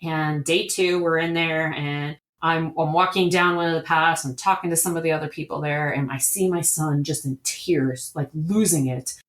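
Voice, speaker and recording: A woman's voice: deep voice, steady tone, moderate pace, hardly any pauses. A woman guest in an interview, an eager and talkative storyteller. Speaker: diabetes camp director, guest. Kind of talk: conversational interview. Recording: echoey room.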